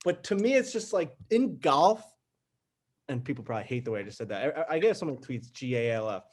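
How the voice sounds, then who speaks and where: A man with a New York accent, co-hosting a podcast in casual chat, swearing often and arguing loudly. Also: mid-range voice, sing-song, racing, breathy edge. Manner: swears a lot, argues loudly. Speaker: podcast co-host.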